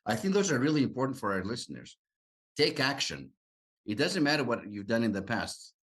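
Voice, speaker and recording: A man hosting a podcast interview, earnest and encouraging, with halting restarts. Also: medium pitch, very animated, fairly bright tone, breathy edge. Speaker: podcast host. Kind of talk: interview conversation.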